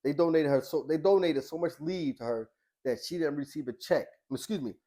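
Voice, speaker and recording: Speaking at a fairly high pitch, this middle-aged man recounts a personal story during a podcast interview; he works as a boxing coach and social worker. His delivery is casual and sincere, halting with frequent restarts, and he voices past exchanges as dialogue before dropping to a hushed tone.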